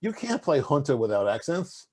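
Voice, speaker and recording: Husky guy rambling thru game stories in an interview, voice goes all over the place, lots of um and you know. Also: a little high, normal speed. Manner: animated, rambling storyteller with many fillers and restarts. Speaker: interview guest, game designer. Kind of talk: casual conversational interview.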